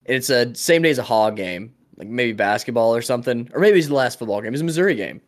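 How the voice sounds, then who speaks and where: A man's voice: medium pitch, lively intonation, fast. A young man co-hosting a casual podcast, telling a story in a laid-back way with lots of fillers and laughs. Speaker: podcast co-host. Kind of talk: casual chat.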